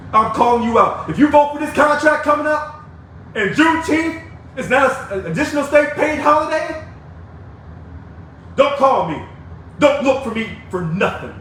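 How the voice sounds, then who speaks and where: An angry, fired-up man, a union activist, delivers a combative, preachy video rant to members, calling people out and taunting them. His voice is very high with a fairly bright tone. The recording is echoey, from a distant mic with faint noise.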